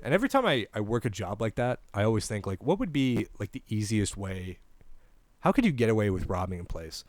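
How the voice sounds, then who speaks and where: With a fairly low voice that is very animated and a little fast, a young podcast host rambles through a comedy monologue, wandering casually from point to point and laughing at his own jokes. The recording has no echo.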